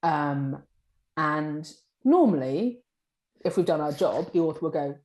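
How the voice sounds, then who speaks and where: A woman in a publishing role, answering interview questions in a chatty, animated way. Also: low-pitched, measured pace, long pauses. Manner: chatty, animated, acts out colleagues' lines. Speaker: publishing director. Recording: echoey room.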